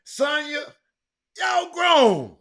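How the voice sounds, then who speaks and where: A middle-aged man hosting a sports talk show, chatting casually and teasing viewers in the comments with loud, animated outbursts. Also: very high-pitched, extremely slow, gravelly. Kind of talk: casual live-stream chat reading the comments.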